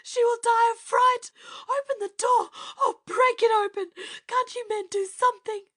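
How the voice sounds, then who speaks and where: Shrill frantic mother, as a woman puts her on. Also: fairly even intonation, normal speed, bright, forceful tone. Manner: wailing, desperate.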